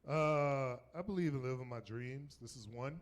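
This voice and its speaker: A man's voice: medium pitch, normal speed. A man in his fifties from North Carolina with a Southern accent, doing a loose, conversational stand-up set on a club stage, often asking "right?" and laughing at his own jokes. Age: 50s. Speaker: stand-up comedian. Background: audience laughter.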